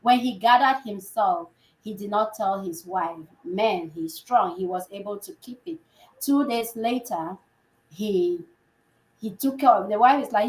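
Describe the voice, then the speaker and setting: Animated woman telling a story in a roomy space. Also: on the high side, normal speed. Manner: animated, acts out quoted dialogue. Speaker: healthcare provider. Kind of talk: conversational storytelling. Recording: roomy echo.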